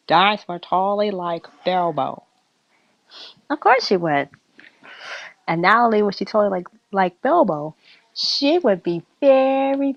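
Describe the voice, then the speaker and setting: A giggly woman hosting a casual chat, telling a playful story in an animated, unhurried way. Her voice rises and falls a lot. The recording is dull, lo-fi and dry. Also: fairly low pitch, dry recording. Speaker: host.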